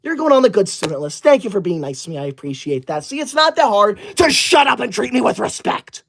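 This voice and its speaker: Male streamer, comedic skit, prim and indignant, quick to snap and ban. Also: high voice, very animated, gravelly, a bit bright, a little hiss or hum. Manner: indignant, bossy, snaps at viewers and bans them; prim praise for good students. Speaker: livestreamer reading super chats.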